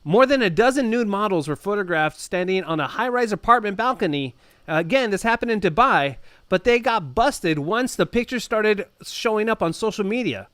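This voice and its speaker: A man's voice: high voice, expressive, normal speed, fairly bright tone, clean tone, dry recording, clean studio sound. A man co-hosting a casual podcast, reading odd news stories aloud with frequent laughs and stumbles. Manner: laughs often, stumbles and repeats words.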